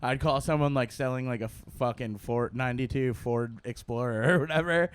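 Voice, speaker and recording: A man's voice: mid-range voice, brisk, a little hiss or hum. A man co-hosting a podcast, telling a story in a casual, laid-back way and swearing freely. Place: podcast studio.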